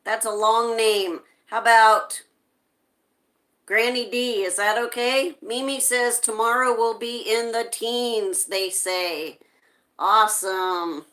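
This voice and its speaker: A woman hosting a live stream, reading viewers' chat messages aloud at an unhurried pace. Her voice is bright and forward, and she greets each newcomer by name. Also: fairly high pitch, steady tone.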